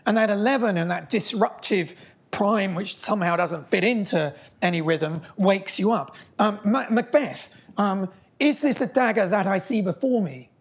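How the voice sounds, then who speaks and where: A man's voice: sits high, normal speed, breathy edge. A middle-aged man giving a public lecture, telling stories with enthusiasm, full of ums, uhs and restarts. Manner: enthusiastic storytelling with many fillers and restarts. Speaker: mathematician giving a public talk. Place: lecture hall before an audience.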